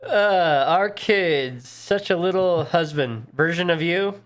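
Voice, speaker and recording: A man's voice: a little high, slow pace. A man co-hosting a casual podcast chat, cursing freely and acting out his kids in quoted lines. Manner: profane, animated, acts out his kids in quotes. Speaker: podcast co-host.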